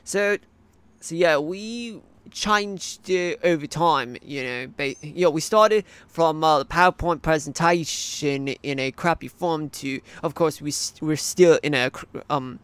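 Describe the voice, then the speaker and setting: A man's voice: fairly high pitch, unhurried, a bit bright, smooth, no echo. A man voicing a rambling adult male cartoon interviewee with an Australian accent, full of fillers and restarts, in a hobby cartoon.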